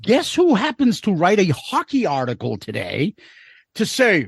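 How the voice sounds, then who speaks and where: Man, podcast co-host, gravelly, animated, profane, ranting, dry sound. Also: high-pitched, unhurried, no room sound. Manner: profane, ranting, mocking voices. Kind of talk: casual chat.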